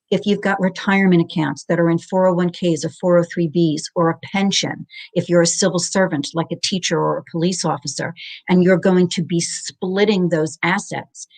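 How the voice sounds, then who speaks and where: A woman's voice: on the low side, gravelly. Woman explaining finances methodically. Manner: methodical, explains jargon step by step. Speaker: divorce financial analyst guest. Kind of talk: explanatory interview talk.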